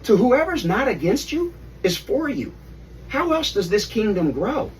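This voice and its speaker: Guy doing a stern exasperated teacher, pitched up, kinda far from the mic. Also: very animated, measured pace, slight background noise. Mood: firm. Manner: incredulous, scolding. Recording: distant mic, faint room ambience.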